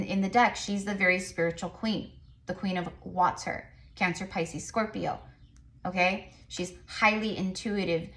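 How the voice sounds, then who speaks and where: Medium-pitched and a bit bright, a tarot reader chats through a casual reading for her audience. She rambles, restarts, and fills pauses a lot, remarking that she talks fast.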